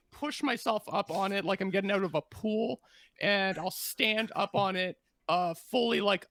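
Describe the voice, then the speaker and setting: A woman's voice: medium pitch, no echo. A woman playing a tabletop game, talking playfully and chatting about her character. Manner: playful, giggly, lively. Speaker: player. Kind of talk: tabletop role-play chat.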